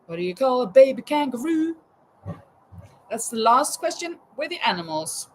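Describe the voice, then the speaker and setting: A woman's voice: high-pitched, big pitch swings, moderate pace, darkish tone, a little hiss or hum, rough recording. A woman in her fifties hosting a live chat and quiz, laughing often and exclaiming "oh my goodness.". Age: 50s. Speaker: livestream host running a quiz.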